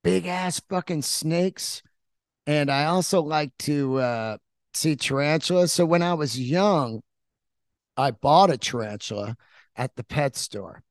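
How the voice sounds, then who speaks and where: A man's voice: a little high, animated, slow, no room sound, studio quality. A middle-aged man telling a rambling, profane story in a casual monologue as a podcast host.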